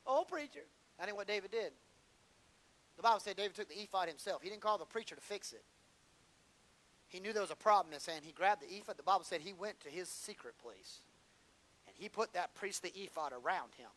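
Male preacher, high voice, bright sharp tone, animated sermon delivery with acted-out dialogue. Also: fairly quick, long pauses, low-quality recording. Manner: animated, acts out whiny prayers and dialogue for humor.

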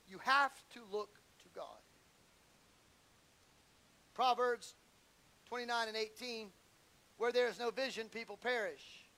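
Man, preacher, sermon, very high pitch, shouted peaks and hushed asides. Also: unhurried, pauses often, rough recording. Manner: swings from shouted fervor to low intimate asides; repeats and stumbles when worked up.

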